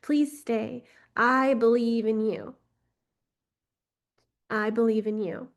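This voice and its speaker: Storyteller doing a terrified woman in labor, high and desperate, begging. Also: fairly even intonation, slow. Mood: pleading. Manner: pleading, desperate. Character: frightened young woman in labor, pleading.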